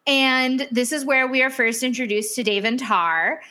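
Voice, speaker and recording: Chatty, bright-voiced woman co-host. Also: high voice, normal speed. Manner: animated, chatty, laughs often, many fillers. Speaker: podcast co-host. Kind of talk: casual chat recapping a TV series.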